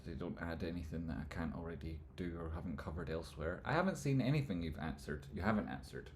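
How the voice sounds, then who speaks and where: A man hosting a live stream, answering chat questions in rambling talk that trails off into mumbles and jumps to loud jokey bursts. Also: low voice, expressive, quick pace, few pauses, a little hiss or hum. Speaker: livestream host answering chat. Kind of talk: casual live chat, stock chart commentary.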